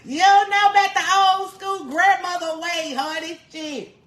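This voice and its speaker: A woman's voice: very high voice, steady tone, a little slow, fairly bright tone, roomy sound. A woman demonstrating home cooking, folksy and chatty, calling the viewer honey and laughing often. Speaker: home cook vlogger. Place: home kitchen.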